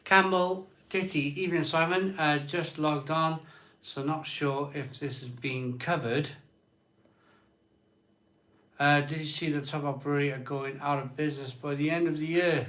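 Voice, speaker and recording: A man's voice: a little high, fairly even intonation, measured pace, fairly bright tone, echoey room. A man hosting a casual live stream, chatting in a rambling way. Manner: chatty, rambling, frustrated sighs. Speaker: live show host.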